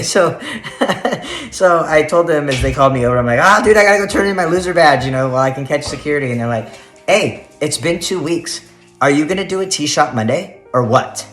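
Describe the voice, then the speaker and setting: A man's voice: fairly high pitch, a bit bright. A man telling a story to the camera in a casual vlog, chatty and laughing often as he rambles. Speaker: vlogger. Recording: roomy echo, faint music.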